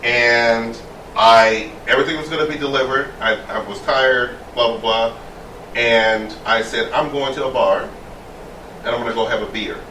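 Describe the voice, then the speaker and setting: A gay man chatting casually as a co-host, emphatic and animated as he tells his stories. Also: mid-range voice, moderate pace. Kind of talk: casual chat. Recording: roomy sound from a distance with faint noise.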